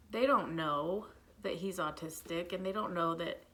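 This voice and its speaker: A woman's voice: fairly low pitch, moderate pace, noisy background. A woman, chatting candidly as she does her makeup at home and venting about her son. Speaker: vlogger, mother of an autistic son. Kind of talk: casual makeup vlog chat.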